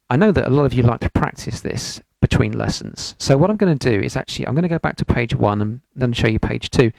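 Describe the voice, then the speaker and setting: With piano playing behind him, a man from the UK runs an online piano lesson from a home studio, patiently walking through each step and chanting rhythm syllables over the keys. He has a medium-pitched, gravelly, dark voice and there's no room sound.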